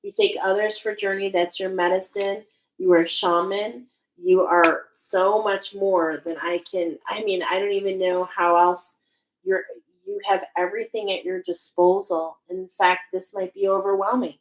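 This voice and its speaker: A woman's voice: mid-range voice, steady tone, moderate pace, rough recording. A woman giving a spiritual oracle card reading, speaking in a searching, emotional way with many restarts.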